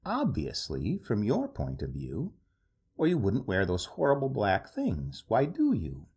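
A man voicing a teasing, amused young male nature god in a storybook reading, with a husky, lively delivery. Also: on the low side, a little slow, exaggerated voice. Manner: amused, gleeful, insolent.

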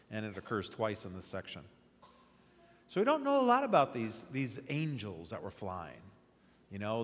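Animated pastor preaching in a reverberant church. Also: male voice, mid-range voice. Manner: animated preaching, voice rising on repeated words. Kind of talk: sermon. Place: church sanctuary. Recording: long hall reverb.

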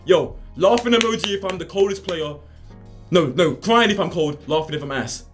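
A young man commentates his own match on a live stream, and his voice sits somewhat high and swings all over the place. He trash-talks loudly and keeps breaking into high, excited shouts. Faint music plays underneath him. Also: moderate pace. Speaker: gaming streamer.

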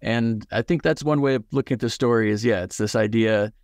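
A man's voice: medium pitch, a little fast, no echo, clean studio sound. A man speaking in a thoughtful, reflective way as an author discussing his writing on a video call. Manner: thoughtful, many fillers and restarts. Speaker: author and guest. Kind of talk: reflective conversation and reading.

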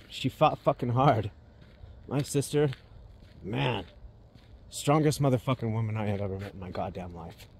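A man giving a personal monologue, talking bluntly and swearing often, with sudden emphatic swells. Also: mid-range voice.

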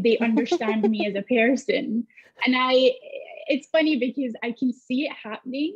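A woman's voice: fairly high pitch, husky, muffled recording. A woman with a Scottish accent, a comedian telling a story on a discussion panel and acting out the dialogue. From Scotland. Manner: animated storytelling with acted-out dialogue. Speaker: comedian guest.

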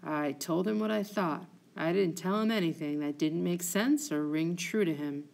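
A woman's voice: on the low side, moderate pace, creaky, darkish tone. A woman voicing a scheming male villain who speaks curtly and with menace. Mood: menacing. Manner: curt, menacing.

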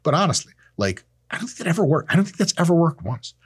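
A man's voice: fairly high pitch, big pitch swings, fast, slightly rough, dry recording, studio quality. A man in his thirties hosting a casual, profane monologue to camera, sarcastic and blunt. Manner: profane, sarcastic, acts out quoted people in silly voices. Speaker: host. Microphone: camera mic, close.

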